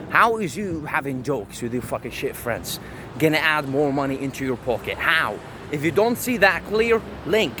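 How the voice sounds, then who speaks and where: A man's voice: a little high, background noise. Brash, swearing man ranting outdoors. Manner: brash, boastful, rambling with restarts and swearing. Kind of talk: profane monologue to camera.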